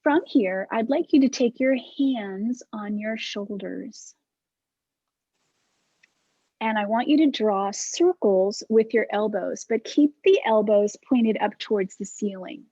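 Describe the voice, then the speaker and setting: Woman teaching a movement class over video call: breathy, gentle, unhurried cues. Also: mid-range voice, no room sound, dull audio. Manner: calm, soft-spoken cueing with breathy demonstrations.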